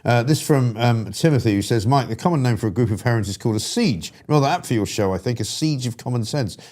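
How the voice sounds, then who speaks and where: A man's voice: medium pitch, lively intonation, quick pace, darkish tone. A man hosting a political talk show, chatting loosely and reading out viewer comments.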